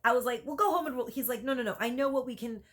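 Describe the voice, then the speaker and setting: A woman vlogger telling a rambling, animated story in casual chat, with lots of "like" and laughter. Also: on the high side, rapid-fire.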